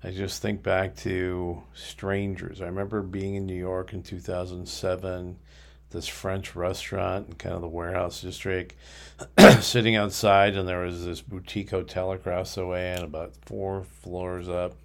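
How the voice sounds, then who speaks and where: A man's voice: low-pitched, level tone, normal speed, creaky, rough recording. A man hosting a podcast, telling a story in a casual, boastful, crude way with a lot of swearing. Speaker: podcast host.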